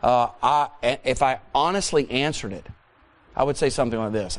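A man in his forties preaching a sermon, telling stories in an animated way and repeating points for emphasis. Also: medium pitch, normal speed. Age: 40s. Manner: animated storytelling, emphatic repetition. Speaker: pastor.

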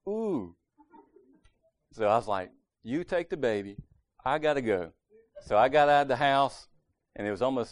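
A middle-aged man spins rambling family stories in a low voice. He is folksy and unhurried, and sometimes acts out the lines of the people in them. The recording is dry and close, with no room sound. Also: dry recording. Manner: folksy, rambling, with brief acted-out quotes. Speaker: father sharing family stories. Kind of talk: casual storytelling monologue.

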